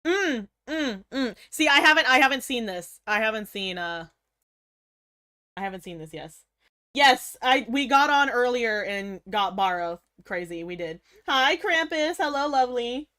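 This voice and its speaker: Young woman streamer, lively, sweary, playfully indignant, a touch high-voiced. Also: measured pace. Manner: animated, swears a lot, mock-outraged, laughs often. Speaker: livestreamer chatting with viewers. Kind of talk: casual stream chat.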